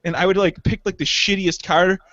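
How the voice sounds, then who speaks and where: A man's voice: high voice, fairly even intonation, fairly quick, a bit bright, no echo, highs cut off. A young man from the Detroit suburbs, co-hosting a podcast in casual chat, rambling and joking with laughs between phrases. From Detroit suburbs, Michigan. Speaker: podcast co-host.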